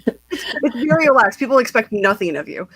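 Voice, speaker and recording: A woman's voice: fairly high pitch, sing-song, fairly quick, fairly bright tone, breathy edge, dry recording. A woman hosting a casual livestream interview, telling stories in a bubbly, giggly way with lots of "like". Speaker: host.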